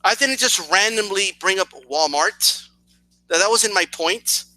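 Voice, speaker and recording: A man's voice: sits high, measured pace, sharp tone, dry recording, low-quality recording. A man hosting a reaction video, talking in a mocking, sarcastic way with frequent stutters and restarts. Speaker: reaction channel host.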